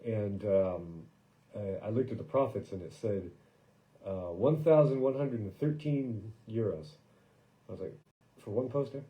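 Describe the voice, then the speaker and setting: A man's voice: fairly low pitch, warm tone, poor audio. A man hosting his own podcast in a casual, rambling monologue, joking and poking fun at himself, with loose fillers, recorded indoors in a workshop studio. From lives in Paris. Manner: jokey, self-mocking, loose with fillers. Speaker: podcast host and musician.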